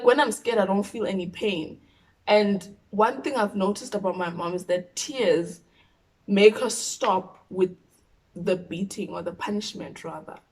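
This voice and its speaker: A South African woman telling a personal story on her vlog, animated, dropping to a whisper when she quotes her own thoughts. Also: medium pitch, poor audio. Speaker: YouTuber.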